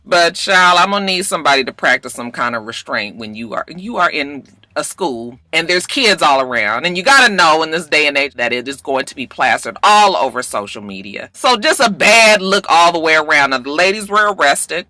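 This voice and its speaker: A woman hosting a celebrity gossip show, talking bluntly and casually with plenty of slang and swearing, moving from somber news to excited retelling. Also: lowish voice, no room sound.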